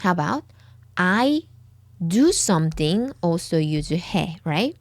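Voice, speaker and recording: Patient woman teaching Korean words slowly. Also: lowish voice, big pitch swings, no echo. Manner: patient, repeats each word several times. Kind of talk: slow lesson, repeating words for the viewer.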